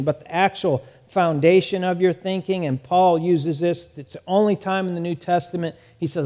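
A man preaching in a small church, his voice sitting a little high for a man. He talks earnestly and often doubles back on his words. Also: darkish tone. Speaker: pastor. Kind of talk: sermon.

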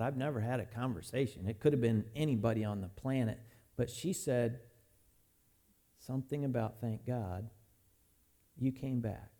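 Middle-aged guy preaching, folksy stories, higher voice, warm mellow tone. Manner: storytelling, folksy, slows to stress points. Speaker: pastor. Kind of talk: sermon.

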